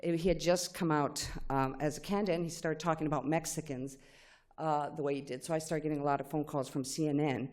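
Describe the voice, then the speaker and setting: A middle-aged woman whose first language is Spanish, giving a lively personal tribute speech with acted-out quotes. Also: sits low, fast talker. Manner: animated storytelling with acted-out quotes. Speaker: speaker at a tribute event.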